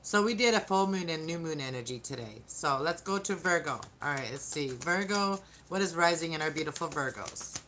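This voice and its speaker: A woman's voice: low voice, lively intonation, brisk, few pauses, a bit bright, slight background noise. A woman giving a casual live-streamed tarot reading, chatting to viewers and often restarting her sentences. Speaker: tarot reader.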